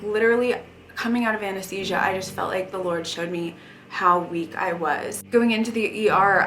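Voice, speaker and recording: A woman's voice: medium pitch, a bit bright. Earnest young woman in an echoey room. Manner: earnest and emotional, many "like" fillers. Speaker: vlogger. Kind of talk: casual personal life update. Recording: echoey room with faint music.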